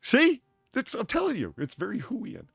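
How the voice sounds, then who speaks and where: A man hosting a casual podcast chat, profane and excitable, who laughs a lot. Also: very high voice, normal speed, creaky, slightly rough, no room sound, studio quality. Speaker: podcast host.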